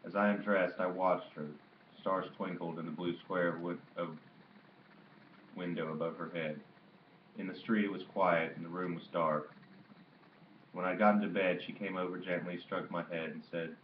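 Deep voiced guy reading an old novel, steady pace, echoey room, kinda muffled. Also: moderate pace, a little hiss or hum. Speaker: audiobook reader. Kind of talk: literary audiobook narration. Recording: dull roomy home recording.

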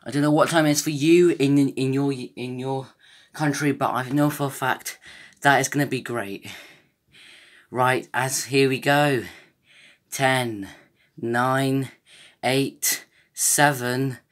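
A young man hosting a casual vlog, out of breath and excited, rambling with restarts. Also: mid-range voice. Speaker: gaming YouTuber.

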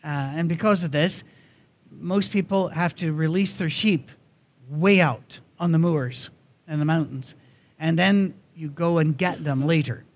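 A man's voice: on the high side, a little slow. A man preaching a sermon in a church, telling stories in a conversational manner. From Scotland. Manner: conversational, storytelling.

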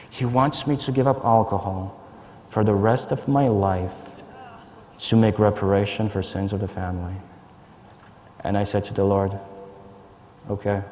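A man's voice: on the low side, a little hiss or hum. A young man giving an earnest personal testimony at a conference, telling his story with frequent stammered repeats. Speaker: conference speaker. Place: large conference hall. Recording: long reverb of a large hall.

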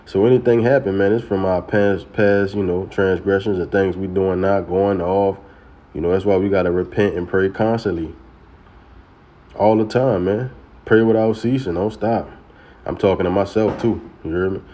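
A man teaching scripture in a casual way, often saying "man" and "you know" and chanting sacred names slowly. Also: sits low, mellow. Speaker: religious teacher.

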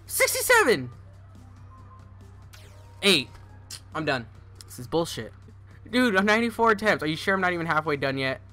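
A man giving gameplay commentary as a gaming YouTuber, cursing and yelling in frustration. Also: on the high side, lively intonation, a little fast, long pauses, soft background music.

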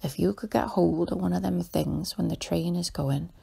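A woman voicing a kindly old male railway porter in a soft whispered role-play for a bedtime story. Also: fairly low pitch, fairly even intonation, moderate pace, full character voice. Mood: chatty. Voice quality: husky, creaky whisper.

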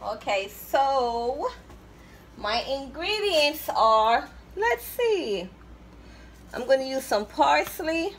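A woman's voice: high-pitched, big pitch swings, very slow, a little hiss or hum. A woman hosting her own cooking video in a home kitchen, chatting casually as she explains each step and fondly repeats herself. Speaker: cooking channel host.

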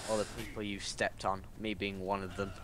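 A man's voice: on the low side, little pitch movement, fairly quick, a bit bright, slight background noise. A man co-hosting a let's play, chatting casually and teasing his friend with jokes. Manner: teasing, joking banter. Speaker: co-host. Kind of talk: casual chat over gameplay.

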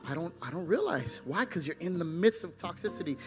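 A male pastor preaching a fervent sermon, swinging between loud exclamations and hushed asides. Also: fairly high pitch, expressive, fairly quick, faint music behind.

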